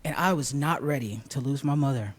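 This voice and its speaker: A man from Buffalo telling a personal story, expressive and acting out the lines he quotes. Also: medium pitch, brisk, slight background noise. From Buffalo, New York.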